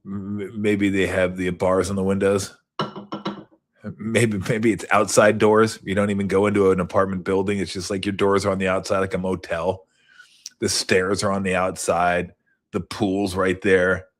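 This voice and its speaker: A middle-aged man hosting a sports talk show, rambling casually and cursing, sometimes acting out people in high mocking voices. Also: level tone, normal speed. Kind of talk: casual solo rambling recap.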